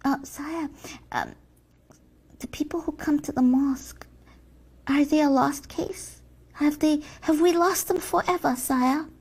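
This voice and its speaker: A woman's voice: high voice, fairly even intonation, measured pace, pauses often, darkish tone. A woman playing a timid, bumbling junior devil in a comedy sketch, hesitant, stammering and whiny.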